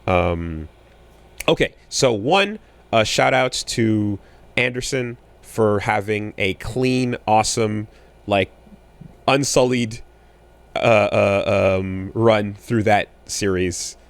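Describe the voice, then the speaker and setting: A man in his thirties co-hosting a podcast in casual chat, rambling with many fillers and restarts, getting animated when riled. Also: fairly low pitch, slow. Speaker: podcast co-host.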